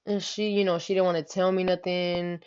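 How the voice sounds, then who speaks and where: A woman's voice: fairly low pitch, flat delivery, a little fast, a little mellow, smooth. A young woman vlogger casually telling a story, slangy and full of "you know what I'm saying". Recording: dull lo-fi home recording.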